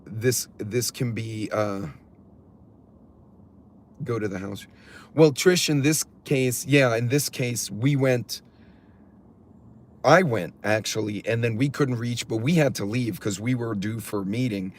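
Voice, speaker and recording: A man's voice: medium pitch, a little slow, long pauses. Rambling, chatty middle-aged man. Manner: rambling, chatty, swears freely. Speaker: preparedness channel host. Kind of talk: casual livestream talk, reading chat aloud.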